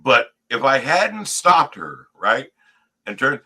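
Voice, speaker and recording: A middle-aged man telling a story in casual chat, profane and animated, tagging lines with "right?". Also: medium pitch, slow.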